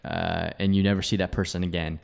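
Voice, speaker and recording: A low-voiced man co-hosting a relaxed church conversation. He teases a little, and his sentences often stop and restart as he works through an idea aloud. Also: brisk, creaky. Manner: teasing, thinks aloud with many restarts. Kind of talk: casual church podcast chat.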